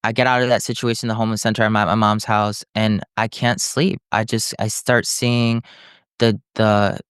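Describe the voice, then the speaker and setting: Young man, podcast guest, fairly low smooth voice, animated storytelling, dry close sound. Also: normal speed, dry recording. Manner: animated storytelling, acting out other people's lines, frequent "like". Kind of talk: storytelling in conversation.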